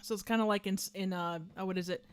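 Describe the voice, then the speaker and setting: A woman's voice: mid-range voice, fairly even intonation, quick pace, clear, resonant tone. A woman hosting a livestream, chatting casually and rambling as she reads out the chat. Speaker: livestream host.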